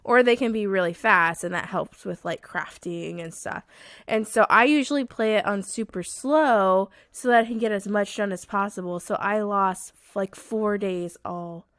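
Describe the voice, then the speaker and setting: In a casual gaming-podcast chat, this woman co-host is chatty, bubbly, and quick to laugh, though her voice is hoarse from a cold. Her mid-range voice is a bit bright, in a dry, clean studio recording.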